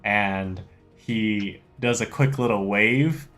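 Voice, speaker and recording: Male game master, low voice, leisurely descriptive narration. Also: faint music behind. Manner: relaxed, unhurried descriptive narration.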